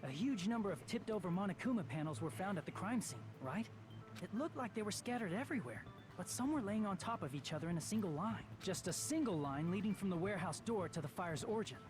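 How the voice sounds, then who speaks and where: An earnest young student detective in a dubbed game, talking fast in a high, lively voice. He reasons through the evidence step by step. Clear game music runs under him. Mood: reasoning. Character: earnest young male student piecing together a case.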